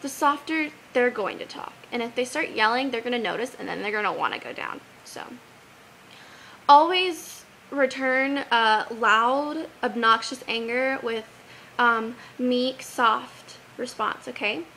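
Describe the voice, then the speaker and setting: A young woman giving earnest advice in a casual vlog, animated and sincere, quoting scripture now and then. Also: on the high side, a little slow, creaky, slight background noise, poor audio. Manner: earnest, animated, quotes Bible verses.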